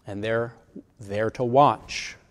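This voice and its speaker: A man's voice: lowish voice, fairly even intonation, takes it slowly. A man in his sixties preaching a sermon in a conversational way, asking rhetorical questions. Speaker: pastor. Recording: long reverb of a large hall.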